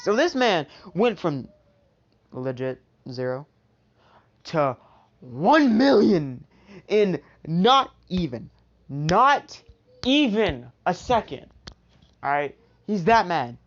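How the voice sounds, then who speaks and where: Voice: medium pitch, sing-song, slow, long pauses. A storyteller improvising a fan-made what-if story, rambling with many filler asides. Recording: dull lo-fi recording.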